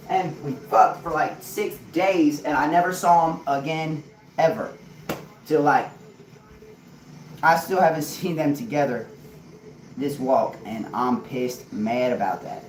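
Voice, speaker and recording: A man's voice: a little high, a little slow, long pauses. Rambling, profane man on a live stream. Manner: rambling, profane, laughing to himself. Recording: echoey room, mic far off, crowd noise.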